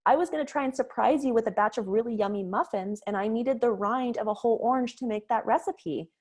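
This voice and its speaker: A woman's voice: on the high side, quick pace, darkish tone, voice pushed up, lightly acted. A woman voicing a snooty, sulky teenage girl with a whiny delivery.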